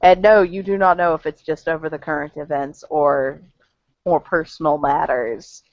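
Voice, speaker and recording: A woman's voice: deep voice, fairly even intonation, moderate pace, no room sound, dull audio. A woman narrating as game master in a tabletop role-play game, talking casually with some ums.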